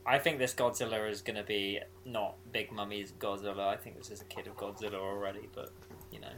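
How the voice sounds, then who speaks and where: A man's voice: on the low side, level tone, a little fast. A man co-hosting a podcast in casual chat, teasing and restarting his sentences. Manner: teasing, repeats words when starting. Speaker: podcast co-host.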